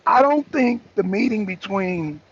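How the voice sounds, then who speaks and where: A man's voice: sits high, expressive, measured pace, husky, lo-fi sound. A man co-hosting a political talk show, rambling casually in slang and talking straight to his viewers. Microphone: struggling with a faulty mic on a live stream. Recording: noisy live stream with a bad mic.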